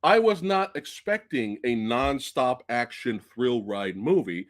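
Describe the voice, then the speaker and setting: Man, movie review host, casual live-stream chat, profane, excitable, very lively pitch. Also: unhurried. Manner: excitable, swears freely; chatty, addresses viewers directly.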